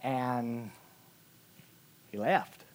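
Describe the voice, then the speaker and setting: A male pastor preaching a sermon, telling personal stories with lively delivery, acting out quotes and swinging from loud to quiet. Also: medium pitch, very slow. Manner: animated storytelling, acting out quotes with big swings in loudness.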